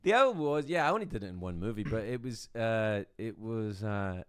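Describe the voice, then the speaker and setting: Lively Scottish man telling stories. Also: on the low side, moderate pace, clean tone, no echo, studio quality. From Scotland. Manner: animated, self-mocking storyteller with frequent restarts. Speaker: guest. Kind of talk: casual storytelling interview.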